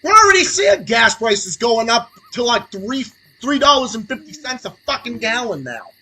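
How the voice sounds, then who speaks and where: Brief: young male streamer, furious profane rant, sneering sarcasm, raspy and bright. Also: very high voice, very animated, normal speed, low-quality recording. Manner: angry, sarcastic, swings between muttering and shouting. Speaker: podcast host. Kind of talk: profane political rant on a livestream.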